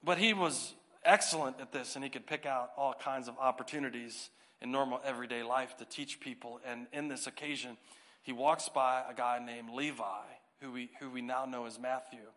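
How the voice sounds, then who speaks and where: A man's voice: medium pitch, steady tone, fairly quick, hardly any pauses, pushed and bright. A man preaching as a pastor in a church service, reading scripture, praying and joking casually with the congregation. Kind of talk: sermon with scripture reading and prayer. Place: church sanctuary.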